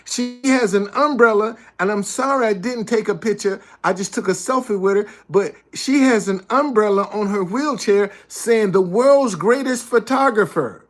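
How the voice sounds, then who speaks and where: A motivational speaker addresses listeners in a hot indoor room, his high, slightly bright voice moving at normal speed with few pauses. His delivery is preachy, and he repeats his key lines for emphasis.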